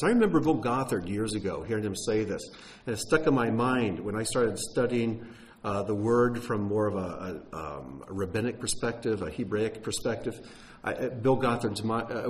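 A man's voice: lowish voice, sing-song, moderate pace. A man giving an earnest, emphatic sermon teaching, with some wry humor and frequent fillers and restarts. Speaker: teacher of a Messianic congregation.

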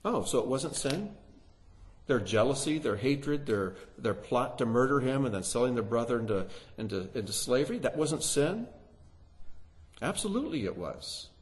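A man's voice: medium pitch, very animated, moderate pace. A man teaching through a Bible passage, reading scripture aloud with rising emphasis and asking his listeners rhetorical questions.

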